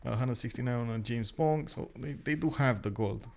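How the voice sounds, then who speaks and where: A young man casting a live strategy game, talking quickly with many filler sounds and excited outbursts. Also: medium pitch, vocal fry. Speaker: esports caster.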